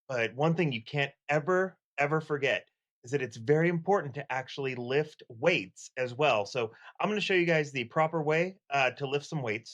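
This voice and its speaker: A man giving a mock-serious workout demo as a comedy bit, deadpan like a fake coach. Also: mid-range voice. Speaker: comedy segment presenter.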